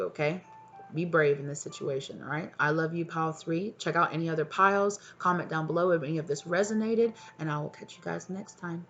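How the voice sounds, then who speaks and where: A deep-pitched woman reads tarot for her viewers, talking directly to them in a gentle, soothing way and checking in on them often. The sound is dull and lo-fi, with soft music playing faintly underneath. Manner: affectionate, speaks directly to the viewer with frequent check-ins; soft and soothing, deliberately lowered voice. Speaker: tarot card reader. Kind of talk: tarot reading addressed to viewers.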